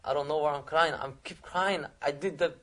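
Earnest man with flat, halting speech. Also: fairly high pitch. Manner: halting, searching for words, repeats phrases; earnest and emotional. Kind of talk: personal testimony.

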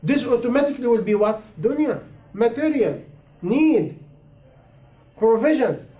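Man preaching, high voice, impassioned, repeats for emphasis, dull lo-fi recording. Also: expressive, unhurried. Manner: impassioned, repetitive, rising and falling emphasis. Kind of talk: sermon. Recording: echoey room, dull lo-fi sound.

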